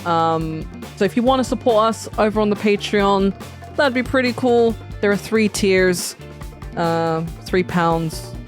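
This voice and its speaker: A woman's voice: mid-range voice, measured pace, soft background music. A woman co-hosting a podcast in casual chat, talking in a loose, filler-heavy way. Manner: chatty, full of "like" fillers. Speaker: podcast co-host.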